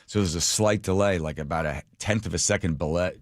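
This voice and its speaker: A middle-aged man hosting a radio show, telling a story in a casual, animated, self-mocking way. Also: low voice, brisk, no room sound, studio quality. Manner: animated, self-mocking, laughs at his own stories. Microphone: studio microphone.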